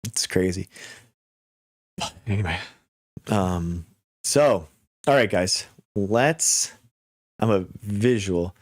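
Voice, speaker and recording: A man hosts a casual livestream with a low voice. He talks straight to his viewers, stumbling over restarts and slipping into mocking quotes. The sound is close and dry, with no room around it. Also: no room sound. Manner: animated, lots of filler and restarts, quick mocking asides. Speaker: livestream host.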